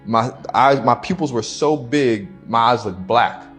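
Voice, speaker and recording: A young man, an interview guest, telling a personal story slowly and haltingly in casual slang. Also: medium pitch, fairly bright tone, faint music behind.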